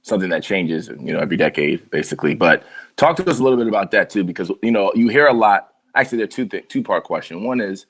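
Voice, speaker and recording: A young man hosts a podcast in a very deep, low voice. He is laid-back, asks long meandering questions, and adds frequent short affirmations as he listens. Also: expressive, fast talker, a bit bright. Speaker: podcast host. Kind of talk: casual interview.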